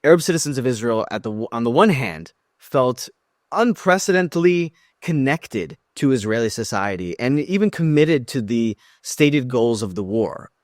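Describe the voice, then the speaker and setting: Male guest, mid-pitched, earnest, restarts often, dry studio sound. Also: no room sound. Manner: earnest, thoughtful, with frequent restarts. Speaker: podcast guest, educator. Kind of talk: conversational interview.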